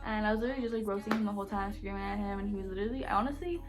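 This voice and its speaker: A young woman telling a casual storytime on her channel, animated and blunt, saying "like" and "literally" constantly. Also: medium pitch, racing, over music. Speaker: YouTuber.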